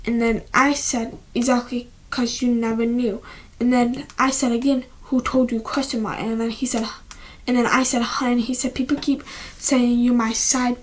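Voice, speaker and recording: A teenage girl chatting casually at home, rambling with many restarts and often dropping to a whisper. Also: on the high side. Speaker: vlogger. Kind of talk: casual chat. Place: at home, indoors.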